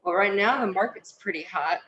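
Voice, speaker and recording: A woman's voice: medium pitch, fairly quick, bright, forceful tone, roomy sound, dull audio, a little hiss or hum. A woman in a training class, taking part in a role-play as a home seller and answering in a hesitant, casual way. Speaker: class participant playing a seller.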